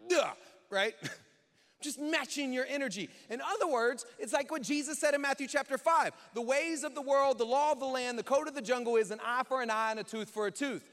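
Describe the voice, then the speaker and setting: A man preaching a sermon in a church, animated and conversational, acting out quotes. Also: very high voice, fairly quick. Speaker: pastor. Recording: long church hall reverb.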